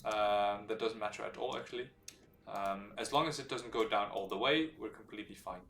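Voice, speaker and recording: A man's voice: on the low side, fairly quick, vocal fry. Man explaining a strategy game live. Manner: explains game mechanics while thinking aloud; relaxed, hesitant with many fillers. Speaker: game streamer. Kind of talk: live gameplay commentary. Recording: roomy sound from a distant mic, faint background music.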